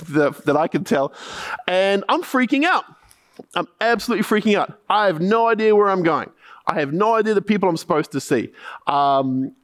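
A man with a New Zealand accent preaching a sermon, telling a mission story with repeated punchlines and then asking the listeners probing questions. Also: a little high.

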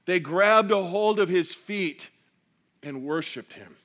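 A man preaching a sermon, reading scripture aloud and explaining it with animated storytelling. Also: sits high, takes it slowly. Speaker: pastor.

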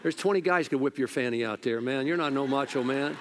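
An older man preaching a sermon as pastor, colloquial and animated, swinging from loud exhortation to hushed storytelling and repeating words when worked up. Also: medium pitch, fairly quick, hardly any pauses, crowd noise, background noise.

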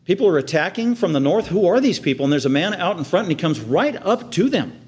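Man preaching, hushed then soaring. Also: quick pace, slightly rough. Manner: earnest preaching, swings from hushed tender lows to loud excited highs; acts out the crowd's outraged reactions in a raised voice. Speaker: pastor. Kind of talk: sermon.

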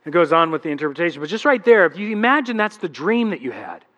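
Male pastor, thirties, high voice, conversational sermon, acts out quotes. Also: very animated, fast, fairly bright tone, lo-fi sound.

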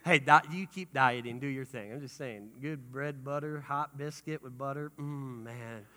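Energetic preacher man in a reverberant hall. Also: mid-range voice, moderate pace. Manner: energetic, swings from shouting to hushed. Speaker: pastor. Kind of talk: sermon. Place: church sanctuary.

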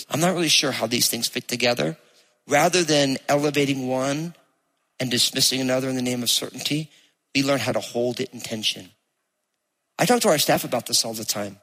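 A man with a New Jersey accent, a pastor giving a conversational, animated sermon and reading scripture aloud to his church. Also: medium pitch. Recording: long hall reverb.

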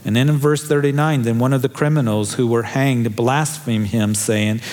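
A man's voice: mid-range voice, steady tone, normal speed, darkish tone. Earnest man preaching a sermon. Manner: earnest, emphatic preaching with rising appeals. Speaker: pastor.

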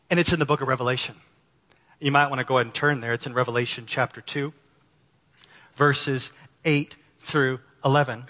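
A man preaching a sermon as pastor, impassioned and climbing to near-shouts at his peaks. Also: medium pitch. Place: church sanctuary. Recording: long hall reverb.

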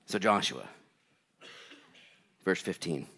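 Brief: male pastor, sermon delivery, very lively pitch, loud then hushed. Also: takes it slowly. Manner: animated, swings from loud to hushed; reads scripture aloud.

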